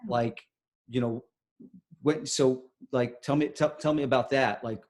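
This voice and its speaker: A man's voice: medium pitch, steady tone, a little slow, a little mellow. Male host asking stop-start questions. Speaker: podcast host. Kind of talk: podcast interview.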